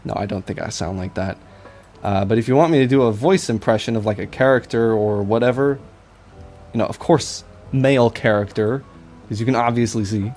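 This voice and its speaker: A man's voice: on the low side, fairly quick, a little mellow, soft background music. A young man chatting casually on a drawing stream, rambling and stammering, joking at his own expense. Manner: rambling, self-mocking, stammers with repeated I's. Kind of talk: casual live-stream chat while drawing.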